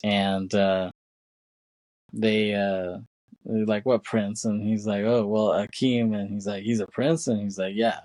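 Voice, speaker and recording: A man's voice: lowish voice, little pitch movement, measured pace, darkish tone, dry recording. A man co-hosting a podcast, retelling a film's scenes in a rambling casual way, with many fillers and acted-out quotes. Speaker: podcast co-host. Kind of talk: casual film recap chat.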